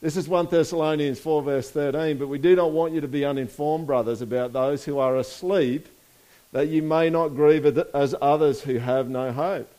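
A man's voice: a little high, steady tone, moderate pace, warm tone. A man preaching a sermon in a casual, conversational way, asking the congregation for responses and reading scripture aloud. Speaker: pastor.

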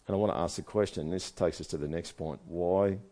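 A man's voice: low-pitched, steady tone, fairly quick, warm tone. A man preaching a sermon in a conversational way, asking his listeners one rhetorical question after another. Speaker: pastor.

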